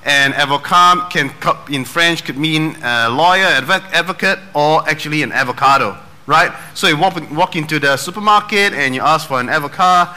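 A man's voice: on the high side, moderate pace, hardly any pauses, pushed and bright. A man preaching a sermon in a casual, joking way, tossing in dad jokes and asking rhetorical questions. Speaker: pastor.

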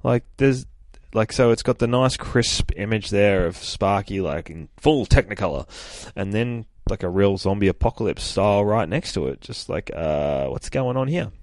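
Swearing man, low voice. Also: lively intonation, normal speed, darkish tone, no room sound. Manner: swears often, acts out characters' lines. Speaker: podcast host reviewing a comic. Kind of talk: casual chat. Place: home, rain heard outside.

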